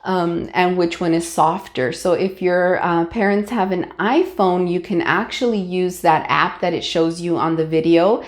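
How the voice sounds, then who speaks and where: A woman's voice: on the low side, unhurried, few pauses. Patient woman teacher explaining spelling. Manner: patient and explanatory, many fillers and check-ins. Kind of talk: recorded classroom lesson for young students.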